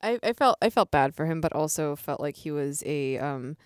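A woman co-hosting a podcast, chatty and giggly, quick to react, a little tipsy. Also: low-pitched, lively intonation, clear, resonant tone, no echo, studio quality. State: tipsy from drinking. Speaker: podcast co-host. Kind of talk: casual chat.

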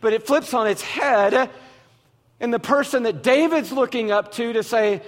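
Male pastor, high voice, deliberate emphatic sermon delivery, long hall echo. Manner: slow, emphatic preaching with dramatic pauses.

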